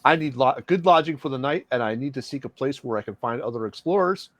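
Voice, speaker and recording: A man's voice: mid-range voice, quick pace, fairly bright tone, a little hiss or hum. A man playing a tabletop game, hesitant and prone to repeating himself, mock-formal when in character. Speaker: player. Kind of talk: tabletop role-play, in and out of character.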